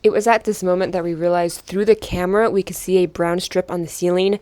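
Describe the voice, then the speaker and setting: A woman's voice: on the low side, fairly even intonation, fairly quick, a little mellow, dry recording. Playful young American woman chatting. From United States. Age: young adult. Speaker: farm vlogger. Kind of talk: casual chat.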